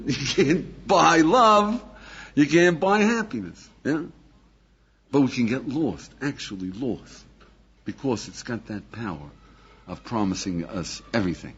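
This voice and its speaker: Animated rabbi lecturing on old tape. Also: male voice, medium pitch, breathy edge. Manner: animated, fires rhetorical questions, acts out dialogues, chuckles. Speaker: rabbi teaching a class. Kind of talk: lively lecture to a live audience. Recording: dull lo-fi archival lecture tape.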